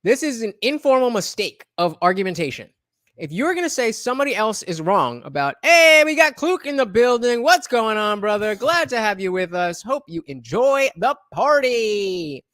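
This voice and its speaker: A man's voice: high voice, big pitch swings, moderate pace, fairly bright tone, dry recording. Guy rambling over a clip on his stream, um-ing a lot, swears, dry close sound. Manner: rambling, frequent fillers and restarts, blunt with swearing. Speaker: streamer reacting to a debate clip. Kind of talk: casual reaction commentary.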